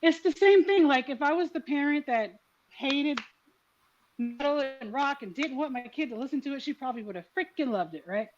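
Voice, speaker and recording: A middle-aged woman hosting a podcast who tells stories in a lively way and swears freely. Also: high-pitched, a little fast, highs cut off, crowd noise. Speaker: podcast host. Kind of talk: casual chat.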